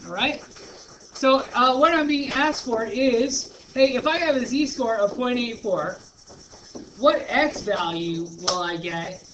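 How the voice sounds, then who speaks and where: A male teacher working through a problem step by step in a classroom lesson, chatty and thinking out loud. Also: very high-pitched. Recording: noisy classroom recording.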